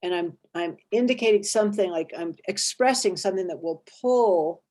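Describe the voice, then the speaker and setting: A woman therapist leading an interactive workshop, lively and expressive, acting out inner voices and checking in with her listeners. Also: mid-range voice, moderate pace. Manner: animated, acts out inner voices and checks in with "right?".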